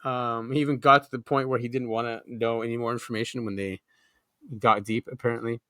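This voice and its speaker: A man's voice: medium pitch, level tone, brisk, a bit bright, no room sound, studio quality. Chatty, jokey male podcast host. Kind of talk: casual chat.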